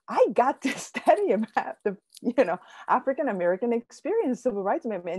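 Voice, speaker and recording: A woman's voice: medium pitch, a little mellow, no room sound. A middle-aged woman, speaking earnestly and with animation as a guest scholar in a webinar discussion, often laughing as she talks. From Japan.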